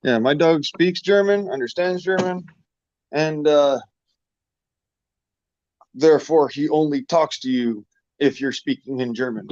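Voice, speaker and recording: Slow, laid-back male stream host. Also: a little high, a little mellow. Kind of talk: casual livestream chat. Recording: dull, dry online audio.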